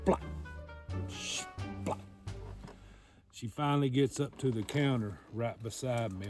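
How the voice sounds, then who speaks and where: A man telling a funny story in a folksy, drawn-out way. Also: mid-range voice, darkish tone. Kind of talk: casual storytelling.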